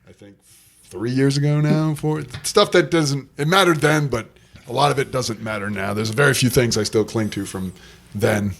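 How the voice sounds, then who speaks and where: A man hosting a casual podcast interview, speaking in a measured, reflective way. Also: medium pitch, gravelly.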